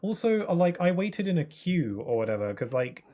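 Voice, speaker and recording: A man's voice: a little high, big pitch swings, moderate pace, mellow. Rambling young man streaming a game. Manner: rambling, with many fillers and restarts. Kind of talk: casual live-stream gaming chat.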